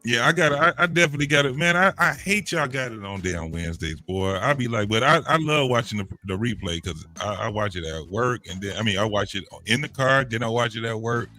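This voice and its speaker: A man's voice: mid-range voice, fairly quick, hardly any pauses, sharp tone, no echo, faint music behind. Loose-talking male podcast host. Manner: loose, profane banter with laughs. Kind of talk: casual panel chat.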